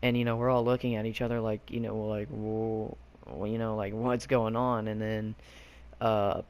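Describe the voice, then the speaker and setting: A man's voice: on the low side, flat delivery, a little fast, darkish tone, clear, resonant tone. A young man from Arkansas telling a childhood story casually, rambling with lots of fillers and loose slang. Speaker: YouTube storyteller.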